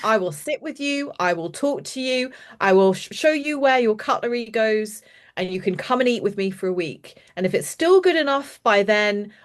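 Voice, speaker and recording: A woman's voice: a little high, expressive, moderate pace, pitched above the performer's own voice, lightly acted. A woman quoting a bold, sassy five-year-old girl. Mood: confident demand.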